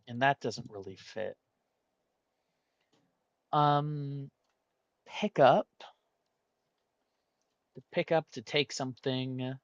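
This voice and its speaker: Slow, hesitant man thinking aloud. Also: medium pitch, no echo. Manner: muses aloud, hesitant, weighs options slowly. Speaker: gamer solving a word puzzle. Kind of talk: thinking aloud while playing.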